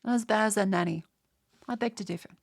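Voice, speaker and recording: A woman's voice: mid-range voice, fast, gravelly. A young woman with an Australian accent and a nasal voice, stuttering through a rambling casual chat with her viewers while getting over a cold. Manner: rambling with many restarts. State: has a cold. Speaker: streamer.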